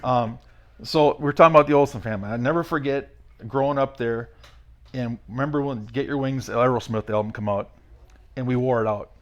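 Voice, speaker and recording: A man in his sixties, a retired race car driver as a podcast guest, telling stories in a blunt, rough-spoken, rambling way. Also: medium pitch, a little fast. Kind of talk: casual storytelling interview.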